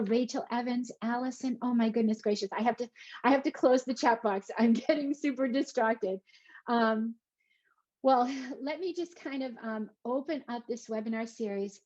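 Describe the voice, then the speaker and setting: Woman hosting a webinar, gushy and chatty, lots of ums, kinda high voice, muffled call audio. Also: a little mellow. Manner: chatty and effusive, many fillers and exclamations. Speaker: webinar presenter. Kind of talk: casual live webinar talk.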